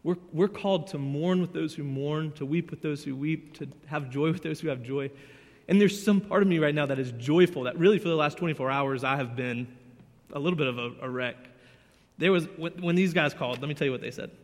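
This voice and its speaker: Guy preaching, earnest and choked up, loud then quiet, big echoey church hall. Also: a little high, brisk. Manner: emotional, earnest, swings between loud and hushed. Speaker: youth pastor. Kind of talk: sermon. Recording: church hall with long reverb.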